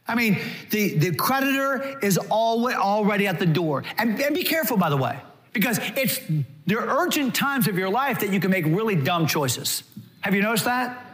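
A man preaching a sermon as pastor, lively and animated, acting out quoted voices along the way. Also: sits high.

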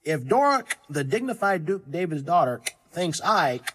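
A man's voice: on the high side, sing-song, normal speed, fairly bright tone. A man voicing a blustering, self-important male dragon in a storybook reading, theatrical and pompous. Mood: indignant.

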